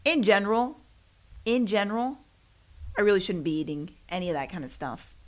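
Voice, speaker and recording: A woman's voice: mid-range voice, lively intonation, brisk. A young woman hosting her own podcast, chatting casually in a rambling, self-deprecating way with frequent laughs. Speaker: podcast host. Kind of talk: casual solo chat.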